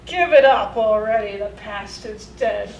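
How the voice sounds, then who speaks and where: A woman acting a blunt, grumpy old lady with curt, deadpan lines in a staged reading. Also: mid-range voice, unhurried, muffled recording, natural voice. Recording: echoey room, distant mic, noise.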